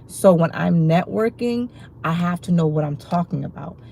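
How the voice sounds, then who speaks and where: Low, gravelly-voiced woman chatting casually. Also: animated, normal speed, dark tone, a little hiss or hum, low-quality recording. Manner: rambling, filler-heavy talk with many restarts. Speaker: livestream host. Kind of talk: casual livestream chat to viewers.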